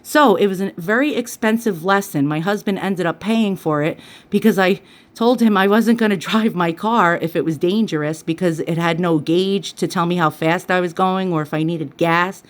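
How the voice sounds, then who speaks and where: A woman vlogger telling a personal story in a chatty, animated way, with lots of fillers and quoted dialogue. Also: on the low side, moderate pace. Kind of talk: casual storytelling.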